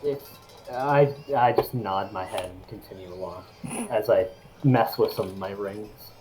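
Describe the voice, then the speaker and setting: A man's voice: lowish voice, a little slow, darkish tone, a little hiss or hum, poor audio. A man playing a tabletop game, hesitant and stammering. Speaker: player.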